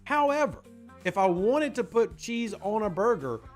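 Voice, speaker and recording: An American man talks loosely to his stream chat, reading out viewers' messages and answering them. His voice sits high and swings widely in pitch. A little music plays quietly underneath. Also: expressive, moderate pace. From United States. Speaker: game streamer. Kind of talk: casual live-stream chat.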